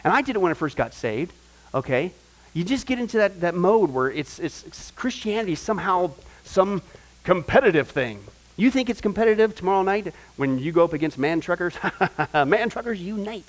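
High-voiced animated male Bible teacher. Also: brisk, low-quality recording. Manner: animated, full of rhetorical questions. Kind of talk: discipleship class teaching.

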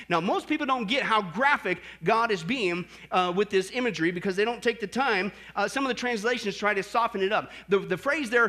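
A male pastor preaching a sermon in an animated way, swinging from loud outbursts to hushed asides. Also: extremely high pitch, normal speed, hardly any pauses. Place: Las Vegas.

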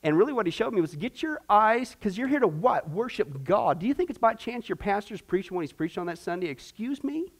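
A middle-aged pastor leads a church class in a high, lively voice that swings all over. He keeps asking the room questions and answering them himself. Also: fairly quick, few pauses. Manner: animated, asks the class many questions. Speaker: pastor teaching a discipleship class. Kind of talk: informal church class teaching.

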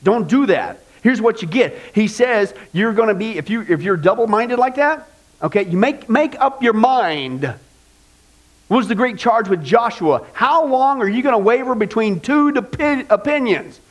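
High-voiced, animated man teaching Bible. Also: normal speed. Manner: animated, jokey, conversational preaching. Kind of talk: energetic Bible lesson.

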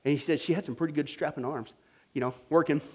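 A man from Kansas with a notably high voice delivers a Bible-study sermon through homespun stories. He talks in an animated, folksy way, keeps tossing "okay?" and "right?" to the congregation, and chuckles at his own tales. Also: quick pace, husky. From Kansas, United States. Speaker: preacher teaching a Bible study. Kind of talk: storytelling sermon to a live audience.

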